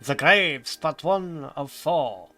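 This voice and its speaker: A man's voice: on the high side, expressive, slow pace, bright, forceful tone, faint music behind. A man giving casual, joking let's-play commentary, chatty and swearing freely. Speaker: gaming streamer.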